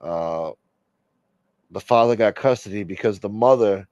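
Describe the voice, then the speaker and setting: A man's voice: lowish voice, moderate pace, a little mellow, dry recording, dull audio. A man hosting a casual live-stream chat, rambling, profane and opinionated. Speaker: livestream host.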